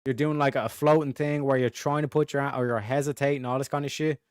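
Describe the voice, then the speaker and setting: A man's voice: mid-range voice, a little fast, smooth, no room sound, clean studio sound. A man hosting a stream, reading out roast jokes and reacting in casual, profane commentary with bursts of laughter. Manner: profane, animated, laughs through roast lines. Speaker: streamer host.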